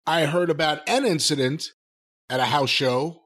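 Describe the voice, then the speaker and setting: A man's voice: a little high, moderate pace, a bit bright. A man co-hosting a podcast, asking wry questions in casual chat. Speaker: podcast co-host.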